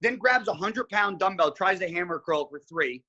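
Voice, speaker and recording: A man with a slightly high, husky voice tells a story as a podcast guest. He talks with a forceful, tense edge and swears constantly. His delivery is animated and casual. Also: moderate pace, muffled recording. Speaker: podcast guest, pro bodybuilder.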